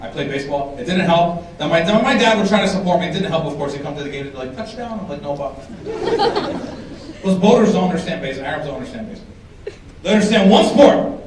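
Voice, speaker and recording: A man doing stand-up comedy, animated and teasing the audience, sometimes shouting his punchlines. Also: high voice, racing. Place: large hall with a live audience. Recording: echoey hall, distant mic, crowd.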